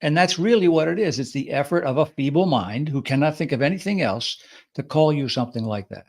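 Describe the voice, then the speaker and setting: Man explaining with lively acted quotes. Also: a little high, brisk. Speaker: podcast co-host. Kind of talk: conversational advice talk.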